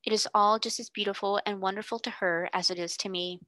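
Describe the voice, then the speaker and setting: A woman voicing a kind, gentle young girl who speaks softly and earnestly, often near a whisper. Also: medium pitch, steady tone, a little fast, no echo, close to an everyday voice. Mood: grateful.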